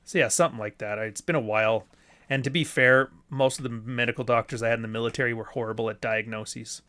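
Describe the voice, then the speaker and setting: Guy hosting his stream, swears a lot, jokey, quick asides. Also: mid-range voice, fairly even intonation, sharp tone. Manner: profane, joking, quick asides. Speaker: live stream host. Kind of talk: casual chat.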